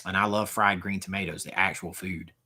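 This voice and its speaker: A man's voice: low-pitched, steady tone, brisk, bright, forceful tone. A man in his forties hosting a casual livestream, rambling as he answers chat comments, often trailing off and restarting. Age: 40s. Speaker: livestream host.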